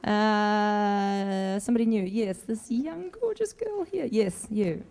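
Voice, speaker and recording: In a casual Q&A on a convention stage, a middle-aged woman responds to fans before an audience in a rambling, talkative way, laughing frequently. She has a medium-pitched, slightly mellow voice and sounds animated while taking her time.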